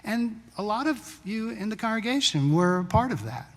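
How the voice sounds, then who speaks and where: A male pastor preaching a sermon in a conversational storytelling way, sometimes brisk, sometimes slow and hushed. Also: high voice, expressive. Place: church sanctuary. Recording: long church-hall reverb.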